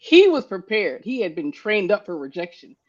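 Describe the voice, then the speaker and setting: A woman co-hosting a casual chat, expressive and fond of acting out quotes. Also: mid-range voice, normal speed. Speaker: podcast co-host. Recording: dull lo-fi stream audio.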